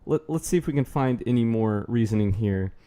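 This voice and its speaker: A man's voice: medium pitch, expressive, brisk, mellow. Man, commentary rant, sardonic, profane, rambling, casual. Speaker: YouTube commentator.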